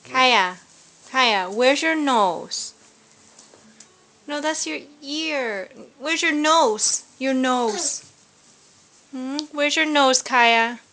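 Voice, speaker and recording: A woman, a parent, gently and patiently quizzing her toddler at home, recorded on a video camera. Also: sits high, drawn-out words, long pauses. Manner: gentle, patient prompting questions. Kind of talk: talking to a toddler.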